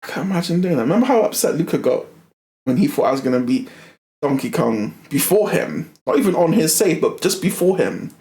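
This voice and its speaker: A man's voice: fairly high pitch, a little fast, reverberant. A young man ranting casually while he plays a game, swearing often and tripping over his words. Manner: animated, swears a lot, repeats himself. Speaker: gaming streamer. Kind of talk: casual rant while gaming.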